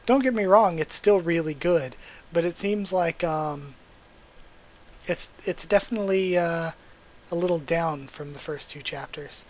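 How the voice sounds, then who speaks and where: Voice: medium pitch, unhurried. A manga readthrough host giving casual commentary with frequent restarts and laughs. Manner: chatty, stumbles and restarts, laughs often.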